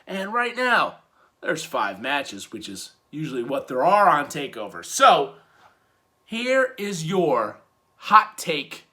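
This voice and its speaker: A man hosting a weekly wrestling review in casual commentary, swinging from loud hyped bursts to low muttered asides.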